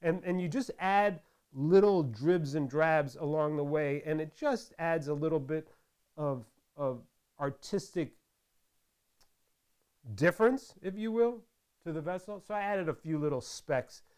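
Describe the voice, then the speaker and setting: A man's voice: a little high, a little slow, a little mellow, clear, resonant tone. A man casually chatting while making crafts, rambling through stories with lots of restarts. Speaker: craft vlogger. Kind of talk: casual tutorial chat.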